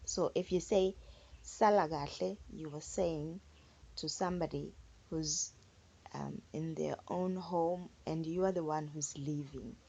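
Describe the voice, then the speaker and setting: A woman teaching phrases patiently in a relaxed spoken lesson, repeating words for learners. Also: sits low, unhurried, creaky, slightly rough. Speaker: language teacher. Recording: dull lo-fi recording.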